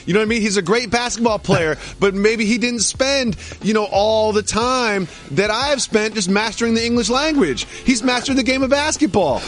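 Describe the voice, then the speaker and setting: Animated high-voiced man ranting on a podcast. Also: normal speed. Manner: animated, mock-outraged, high-energy ranting. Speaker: podcast co-host. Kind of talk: bantering sports talk.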